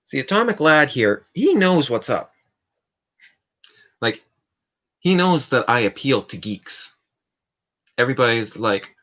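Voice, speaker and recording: A man's voice: mid-range voice, lively intonation, unhurried, long pauses, bright, forceful tone. A man hosting a casual Q&A livestream, rambling and cracking self-mocking jokes. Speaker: livestream host. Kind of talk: casual Q&A stream chat.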